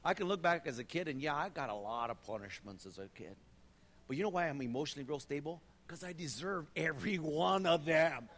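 A man, a pastor, giving a sermon in a church in a conversational, animated way, often repeating phrases and checking in with "right?". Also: on the high side, fairly quick. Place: church sanctuary. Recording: long reverb of a church hall.

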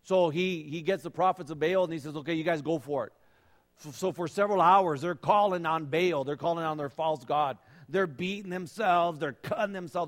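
Casual preacher, fairly high voice, halting delivery that acts out voices, hall reverb. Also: male voice. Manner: conversational storytelling with frequent fillers and restarts, acting out voices. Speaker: pastor. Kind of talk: sermon.

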